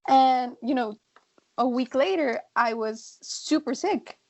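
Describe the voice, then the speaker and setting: A young woman in her twenties, a guest in a casual chat, telling animated stories and acting out guests. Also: high voice, slow. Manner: animated storyteller, acts out guests.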